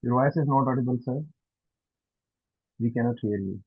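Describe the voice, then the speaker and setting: A man moderating a webinar, making hurried, reassuring announcements. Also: mid-range voice, slightly rough, no room sound. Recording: tinny distant phone line.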